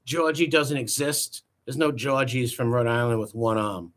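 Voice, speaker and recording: A man's voice: medium pitch, steady tone, normal speed. A man giving mocking, profane reaction commentary, scoffing at a clip. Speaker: commentary host.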